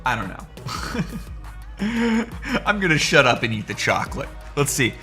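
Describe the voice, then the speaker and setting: An excitable young male streamer in casual chat mode, calling out viewers by name. His voice sits high and jumps all over the place. Soft music plays faintly behind him. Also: slow pace. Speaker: livestream host.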